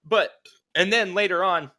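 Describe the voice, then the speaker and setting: A young man with a high, sharp-toned voice co-hosts a casual podcast at a moderate pace. He tells rambling stories, laughs often and lets sentences trail off.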